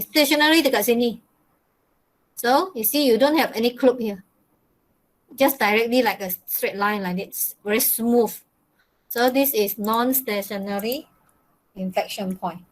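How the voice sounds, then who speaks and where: A woman teacher with a Malaysian English accent and a slightly high voice. She explains patiently step by step, mixing Malay words into her English. She laughs often as she coaxes students to answer. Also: rough recording. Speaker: mathematics teacher. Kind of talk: classroom lesson.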